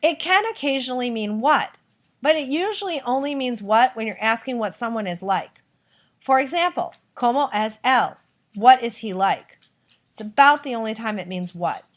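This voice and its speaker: Woman teaching a lesson, fairly high voice. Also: expressive, normal speed. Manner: clear, patient explaining with demonstration sentences. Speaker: Spanish teacher. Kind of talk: recorded classroom lesson.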